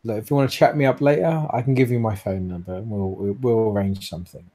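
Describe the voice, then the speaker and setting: A man's voice: fairly low pitch, quick pace, dark tone, natural voice. A man voicing an arrogant, flirtatious wealthy man at a gym in a tabletop game, speaking in a cocky, patronizing way. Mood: smug, dismissive.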